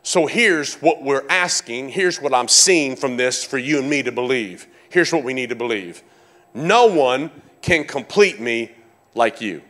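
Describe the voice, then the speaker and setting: A man preaching a sermon, animated, calling out to his congregation and repeating phrases for emphasis. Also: medium pitch, measured pace. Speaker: pastor.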